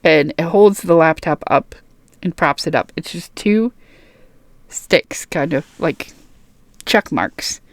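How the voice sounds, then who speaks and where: This gaming YouTuber has a deep voice and speaks slowly with long pauses in a dry recording. The young woman reads patch notes aloud, wandering off between them into chatty remarks packed with fillers and restarts.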